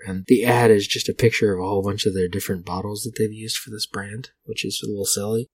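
Low husky man, wry rambling host. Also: fairly even intonation, fast talker, few pauses, no echo. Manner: rambling, wry and profane asides. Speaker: podcast host. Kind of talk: casual commentary reading vintage liquor ads.

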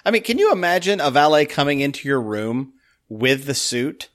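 A man's voice: mid-range voice, big pitch swings, normal speed, fairly bright tone. A young adult man co-hosting a podcast, chatting casually and jokily about a classic film. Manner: jokey, slips into playful put-on voices. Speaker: podcast co-host. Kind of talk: casual movie chat.

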